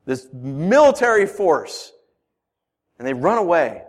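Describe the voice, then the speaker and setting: A man preaching a sermon, swinging from hushed lines to emphatic ones and asking rhetorical questions. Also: a little high, sing-song, slow. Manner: rhetorical questions, storytelling asides. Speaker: pastor.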